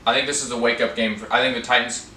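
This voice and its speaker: A man's voice: medium pitch, fairly even intonation, rapid-fire, pushed and bright. A man co-hosting a sports betting podcast in casual chat, cracking jokes through the banter. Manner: joking, playful banter. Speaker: podcast co-host. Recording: echoey room, distant mic, faint hiss.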